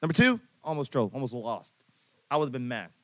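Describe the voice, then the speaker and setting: A young man hosting a college esports show, giving an upbeat weekly recap with lots of shout-outs. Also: medium pitch, very animated, quick pace, no room sound. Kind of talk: casual chat and weekly recap.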